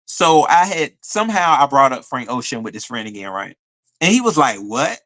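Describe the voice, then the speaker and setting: Bright-voiced man chatting on a live stream. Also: mid-range voice, a little fast. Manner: animated storytelling, addresses viewers as y'all, frequent fillers. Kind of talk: casual live stream chat reading comments.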